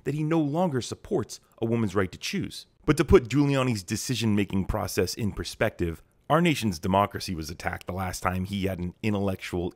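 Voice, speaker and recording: A man delivers scripted political commentary with a sarcastic, mocking edge. His voice sits on the low side. The sound is dry and close, with no room around it. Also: a little fast, hardly any pauses, dry recording.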